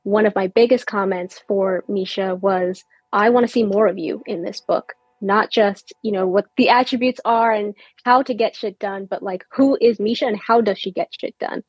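A woman's voice: mid-range voice, normal speed, hardly any pauses, breathy edge, no echo, muffled recording. A woman book editor chatting on a podcast, explaining her editing process step by step. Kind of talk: casual podcast chat.

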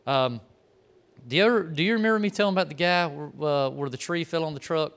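A man's voice: fairly high pitch, fast talker, a bit bright. A man giving a conversational sermon, telling stories in a folksy way and speaking straight to the people in the room.

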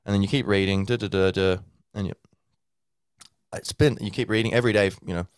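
Deep-voiced man rambling casually. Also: steady tone, fairly quick, smooth, dry recording, studio quality. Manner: rambling, with many fillers and restarts; acts out a learner's inner thoughts. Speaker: podcast host. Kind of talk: casual teaching monologue.

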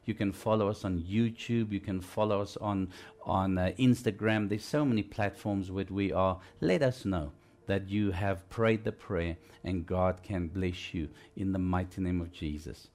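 A man preaching a broadcast sermon in a conversational way. He asks listeners questions and turns louder and higher when stressing a point. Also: normal speed. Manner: frequent fillers and restarts.

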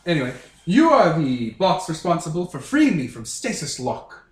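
A man's voice: fairly high pitch, sing-song, normal speed. A man voicing a snooty, pompous ancient robot shuttle in a fake British accent, with grand formal phrasing. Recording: roomy recording, faint music.

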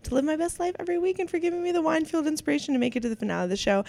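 A woman's voice: high voice, very fast, gravelly, warm tone, no echo. A young adult woman co-hosting a podcast at a house party, bubbly and laughing often, reading listener reviews. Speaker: podcast co-host. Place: home party, people gathered.

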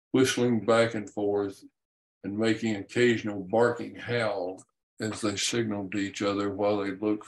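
A man, an author, reading his own book aloud in a measured, even way with small slips. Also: fairly low pitch, low-quality recording.

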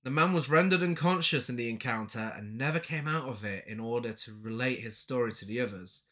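A man's voice: mid-range voice, expressive, a little fast, sharp tone. A man co-hosting a podcast, chatting casually about a film with crude, sarcastic, mock-outraged questions. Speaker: podcast co-host. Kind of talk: casual film review chat.

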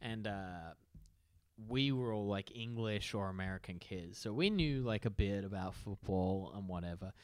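A man's voice: on the low side, normal speed, dry recording. A man co-hosting a casual podcast, telling a rambling story full of "like" and frequent laughs. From grew up abroad among expat kids, now in Australia. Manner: rambling, heavy use of "like", laughs often. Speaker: podcast co-host.

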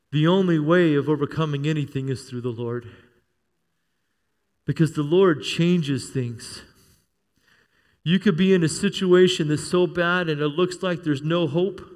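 A man's voice: fairly high pitch, in a large hall. A middle-aged male pastor preaching a sermon, telling stories with humor and asking the church for amens. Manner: storytelling with humor, calls for amen.

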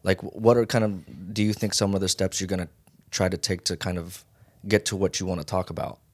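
A man with a low, deep voice hosting a relaxed podcast chat. He mostly backs his guest up with quick agreements before asking a question. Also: breathy edge. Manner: short affirming interjections. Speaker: podcast host. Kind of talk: casual podcast conversation.

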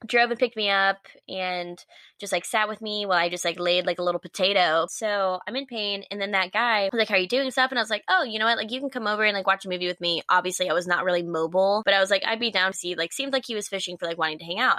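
A young woman co-hosting a casual chat, her voice bright and forward. She tells the story with animated exasperation and frequent laughter. The recording is dry and close, with almost no room sound. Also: mid-range voice, fast talker, no room sound. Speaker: podcast co-host.

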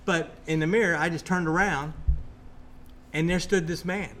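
A man in casual conversation, telling a ghost story in an excitable, rambling way with many restarts. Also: on the high side, moderate pace, a little hiss or hum.

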